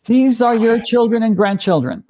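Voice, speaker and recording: Older man ranting in a lively, mellow voice. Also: extremely high pitch, normal speed. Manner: profane, ranting, repeats words. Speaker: co-host. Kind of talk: casual reaction chat.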